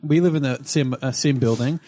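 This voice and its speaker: A man's voice: mid-range voice, brisk, dark tone, no room sound. A young man co-hosting a gaming podcast, talking in a dry, sarcastic way. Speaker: podcast co-host. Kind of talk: casual chat.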